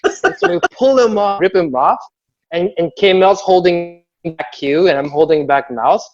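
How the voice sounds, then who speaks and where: Rambling animated man on a muffled video call. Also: high voice, normal speed. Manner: rambling, animated, acts out quotes with yelling and laughter. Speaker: b-boy crew member telling a story. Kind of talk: casual storytelling on a video call.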